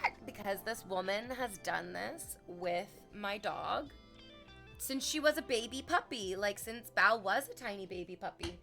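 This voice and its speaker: A woman's voice: medium pitch, unhurried, sharp tone, faint music behind. A young woman streaming, chatting casually with her viewers and telling a story with playful quoted voices. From Canada.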